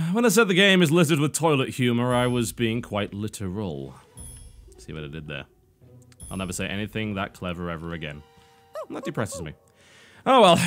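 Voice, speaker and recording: A man's voice: medium pitch, a bit bright. A British man giving a game review commentary over gameplay, dry and sardonic with self-mocking asides.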